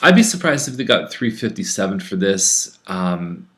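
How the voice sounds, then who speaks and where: Chatty, lower-voiced real estate agent. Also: male voice, sing-song, normal speed, a bit bright. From Canada. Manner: chatty, conversational, many fillers and restarts. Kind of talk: casual listing rundown.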